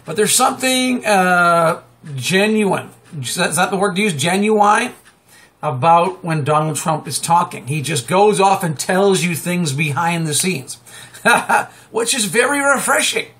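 Male live-stream host, middle-aged, high-pitched, talkative and excitable, restarts his sentences a lot. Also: normal speed. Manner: excitable, chatty, many fillers and restarts, sudden high exclamations. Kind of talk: rambling political commentary monologue.

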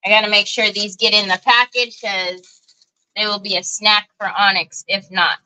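A woman's voice: mid-range voice, little pitch movement, normal speed, pushed and bright, rough recording. A woman, hosting a casual craft livestream in a chatty, folksy way and talking straight to her viewers. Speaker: craft show host.

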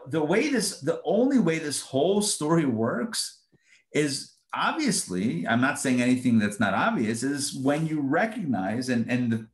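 Animated man teaching scripture, roomy echo. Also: fairly high pitch. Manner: animated, conversational, acts out quotes. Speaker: rabbi teaching a weekly Torah class. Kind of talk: informal live Torah lesson.

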